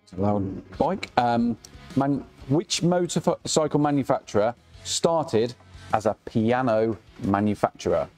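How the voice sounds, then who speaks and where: An English man hosting a live prize draw in upbeat, teasing banter, moving the show along through questions and prizes. His voice is dark and mellow, with faint music playing underneath. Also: medium pitch, animated, a little slow. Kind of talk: casual banter.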